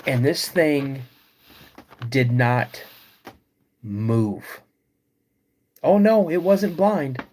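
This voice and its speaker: A man hosts a live podcast and tells an eerie story in an unhurried, drawn-out way. His voice is husky. He pauses for suspense and addresses his chat directly. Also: medium pitch, expressive, darkish tone. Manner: slow, suspenseful retelling with dramatic pauses. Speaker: podcast host.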